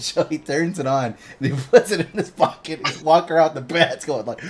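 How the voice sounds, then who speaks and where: A man co-hosting a podcast in casual chat, retelling a story in an animated way, swearing constantly and laughing often. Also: on the high side, quick pace, hardly any pauses, slight background noise. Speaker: podcast co-host.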